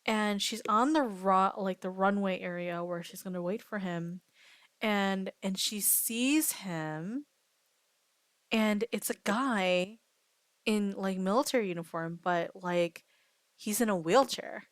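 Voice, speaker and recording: A woman's voice: mid-range voice, slow pace, dry recording. A woman streamer telling a long story in casual chat, rambling with many fillers and restarts.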